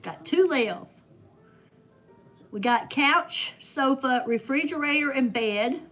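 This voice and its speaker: A woman with a high voice hosts a relaxed trivia game among friends. She reads each question and answer at an easy, drawn-out pace, teasing the players as she goes. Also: faint music behind. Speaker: game host.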